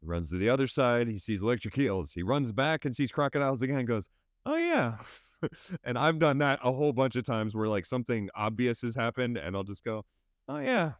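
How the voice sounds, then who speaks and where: A man with a mid-range voice chats casually as a podcast co-host. He laughs often and stumbles over his words when he gets excited. The recording is dry and close. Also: medium pitch, fast, few pauses, no room sound. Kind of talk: casual chat.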